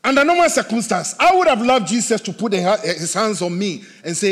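A man pastor delivers a sermon in a husky, raspy voice. He swings from loud, urgent calls to hushed questions. The long reverb of a church hall trails after each phrase. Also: high voice, expressive, moderate pace, few pauses. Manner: preaching with loud swells and soft drops. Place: church sanctuary.

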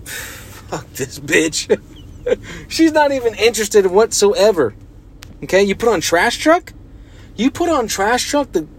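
A young man hosts a casual solo podcast, wandering from thought to thought with plenty of fillers and swearing. His voice sits a little high for a man. A faint background hum runs underneath. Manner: rambling, profane, heavy use of filler words. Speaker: podcast host.

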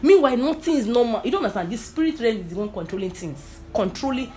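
A woman's voice: medium pitch, lively intonation, fast, few pauses, over music. A woman giving an informal sermon with personal testimony. She repeats herself for emphasis and keeps checking that listeners understand. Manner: repetitive, emphatic, often asks if listeners understand. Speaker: preacher.

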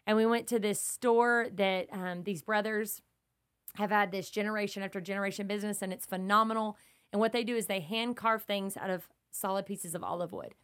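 A woman's voice: mid-range voice, brisk, fairly bright tone, smooth. A woman who is a mother and podcast host, teaching scripture in an earnest, emphatic, storytelling way that stays conversational. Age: young adult to middle-aged, mother of kids.

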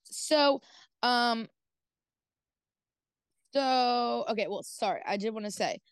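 A woman's voice: a little high, slow, clear, resonant tone, no room sound. A woman co-hosting a podcast, telling a story in casual chat, rambling with lots of "like" and "dude" and casual swearing. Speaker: podcast co-host.

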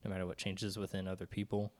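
Low-voiced guy on a faith podcast, rambles a bit, hunts for words. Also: completely flat delivery, fast talker, darkish tone. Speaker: podcast co-host. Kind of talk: casual faith discussion.

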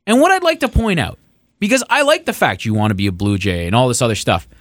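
A man's voice: mid-range voice, sing-song, fast, a bit bright, no echo. A young man co-hosting a sports podcast, ranting sarcastically and swearing as he builds up heat. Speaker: podcast co-host. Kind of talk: casual sports podcast rant.

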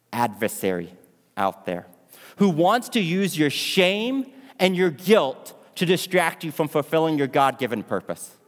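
Dramatic male preacher in an echoing hall. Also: on the high side. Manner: dramatic, asks the audience questions. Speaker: pastor. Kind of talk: storytelling sermon. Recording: long hall reverb.

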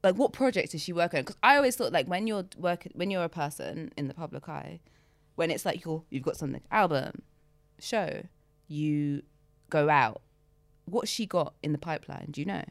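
Wry woman co-host, low voice, dry sound. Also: normal speed, vocal fry, dry recording. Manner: wry, interjecting, laughs often. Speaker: podcast co-host. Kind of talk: casual chat.

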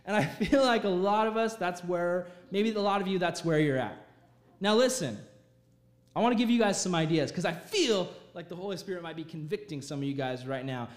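Animated young man preaching to youth. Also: sits high, brisk, roomy sound. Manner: animated storytelling, acts out voices. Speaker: youth pastor. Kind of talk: youth sermon.

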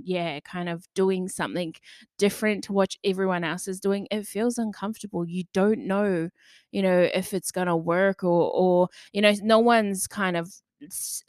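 A woman's voice: fairly low pitch, a little mellow, no room sound, clean studio sound. A young woman talking candidly in a loose, chatty way, full of fillers and the odd swear word. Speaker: podcaster. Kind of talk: candid personal monologue.

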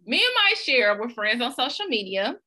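This is a woman podcast host in casual conversation, telling a personal story with lots of slang and animation. Her voice sits a little high and sounds bright and sharp. She keeps the tone loose and chatty. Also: sing-song, normal speed.

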